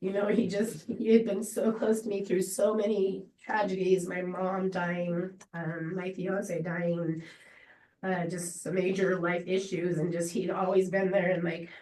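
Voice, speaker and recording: A woman giving an unscripted memorial tribute to a friend, halting and rambling with many fillers and restarts. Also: lowish voice, little pitch movement, darkish tone. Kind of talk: emotional unscripted memorial speech. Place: memorial gathering room. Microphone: distant laptop or room mic on a video call. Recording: roomy, distant video-call audio.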